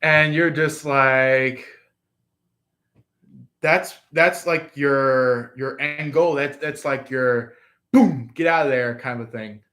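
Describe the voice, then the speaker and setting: Man, tarot reader, slow, rambling, casual, fillers. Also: mid-range voice, bright, forceful tone. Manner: rambling, many fillers and restarts.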